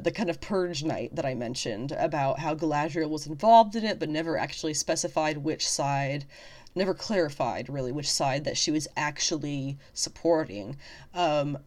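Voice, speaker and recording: A woman talking casually about a show trailer, full of fillers and restarts, openly excited. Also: sits low. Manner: chatty, lots of fillers and self-corrections; excited and enthusiastic. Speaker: fantasy fan video host.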